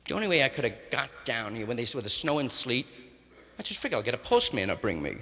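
A male stand-up comedian with a mid-range, sing-song voice talks fast, pushed and bright, rambling through a loose improvised monologue packed with hip jazz slang. It was recorded live on a concert hall stage in 1961, with reverb and faint hiss.

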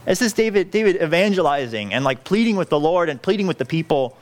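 A male pastor delivering a sermon in an earnest, pleading way. His voice sits a little high for a man and swings widely in pitch. He often restarts his phrases mid-thought. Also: sing-song, fast talker, hardly any pauses. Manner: earnest, pleading, self-correcting with frequent restarts.

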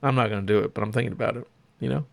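A young man hosting a podcast, chatting casually about video games in an animated, profane, joking way. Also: fairly low pitch, very fast, creaky, no room sound. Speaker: podcast host.

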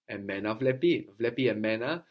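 A man's voice: fairly low pitch, lively intonation, brisk, muffled recording. A man teaching a language lesson, patiently prompting his student with questions and explaining grammar.

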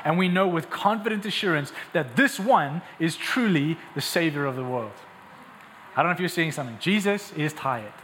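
A man's voice: a little high, animated, moderate pace, fairly bright tone, big-room sound, a little hiss or hum. A young man preaching a sermon as a pastor, conversational and then building to emphatic peaks.

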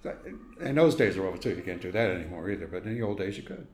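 Speaking very fast with lively intonation, an older Brooklyn native recounts his younger days for an oral history interview. His deep voice is a little mellow, the room sounds roomy, and he chuckles while performing the voices of people he quotes.

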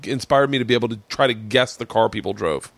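A man's voice: fairly low pitch, fast, gravelly, dry recording. A man hosting a podcast, telling stage stories in casual chat, swearing freely and acting out other people's voices. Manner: animated, profane, acts out voices in his stories. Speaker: podcast host and comedian.

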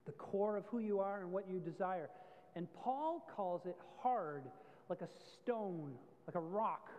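A male pastor preaching in a relaxed, story-telling way, his voice sitting high for a man. The sound is dull and muffled, with a long church-hall reverb trailing each phrase. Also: a little slow. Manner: conversational, explains with everyday stories. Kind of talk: sermon.

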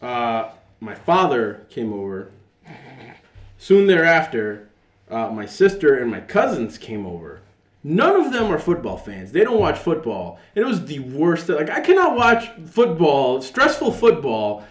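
A man co-hosting a podcast, telling a dramatic sports story and bursting into shouts. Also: a little high, measured pace. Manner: dramatic, excitable, prone to shouting. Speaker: podcast co-host. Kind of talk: animated sports storytelling chat. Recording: roomy echo.

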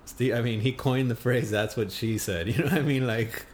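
A man's voice: medium pitch, moderate pace, slight background noise. A man co-hosting a podcast in casual chat, playful and joking. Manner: playful, jokey. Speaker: podcast co-host.

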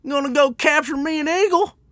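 A man's voice: very high voice, brisk, a bit bright, dry recording, studio quality, pitched above the performer's own voice. A man putting on a to play a rowdy, boastful redneck militia man who hollers. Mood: gung-ho.

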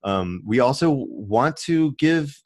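A man who works as a commercial producer and voice-over artist, explaining his work in a relaxed, casual interview. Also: mid-range voice, takes it slowly, no echo. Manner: relaxed, explanatory, many restarts.

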